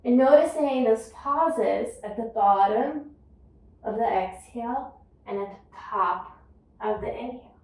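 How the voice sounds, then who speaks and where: A woman teaching a yoga class, calmly cueing each breath and movement. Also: fairly high pitch, measured pace, heavy reverb, recorded from a distance, poor audio. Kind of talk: guided yoga class instruction.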